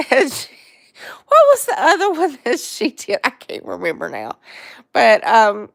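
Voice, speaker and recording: A woman's voice: a little high, huge pitch swings, slow, gravelly, dry recording, studio quality. A middle-aged woman hosting a casual livestream chat, rambling along, chatting to viewers and laughing often. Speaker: livestream host.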